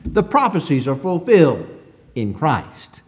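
Male preacher, slightly high voice, slow emphatic delivery, clears throat often. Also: wildly swooping pitch. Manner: emphatic, drawn-out preaching cadence with sudden swells. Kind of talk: sermon.

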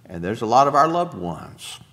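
A man preaching a sermon as pastor, emphatic, dropping soft and then rising loud, with throat-clearing and chuckling asides to the congregation. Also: mid-range voice, very animated, normal speed.

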